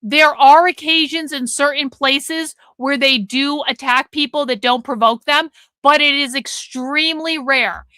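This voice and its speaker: Woman streamer ranting blunt and sweary, high voice, dry close mic. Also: a little slow, bright, forceful tone, dry recording. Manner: blunt, profane, emphatic. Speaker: livestream host. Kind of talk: live stream commentary.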